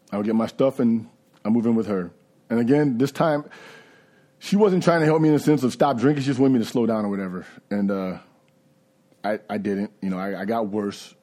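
Male recovery speaker, plain-spoken testimony, lowish warm tone. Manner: candid, conversational storytelling.

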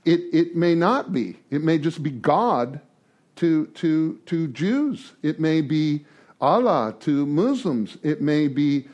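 A man's voice: on the high side, animated, slow, a little mellow. A man speaking informally to a recovery group, joking and repeating words as he thinks aloud. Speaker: speaker leading a twelve-traditions study series.

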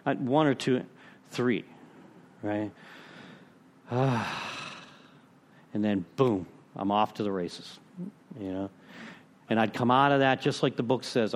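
A man sharing his personal recovery story with a group, conversational and self-deprecating, full of "you know" and repeated phrases. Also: medium pitch. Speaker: speaker at a recovery meeting.

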